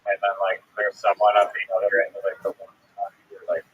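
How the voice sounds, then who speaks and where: A man's voice: lowish voice, monotone, fast talker, breathy edge. A man hosting a livestream, rambling casually with lots of filler words, in a dull lo-fi recording. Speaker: livestream host. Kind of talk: casual chat. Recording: dull lo-fi stream audio.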